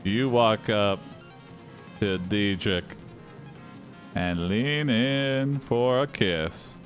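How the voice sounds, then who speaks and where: A man hosting an improvised comedy story, dictating prompts slowly with drawn-out words and fillers. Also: on the low side, faint music behind. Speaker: host.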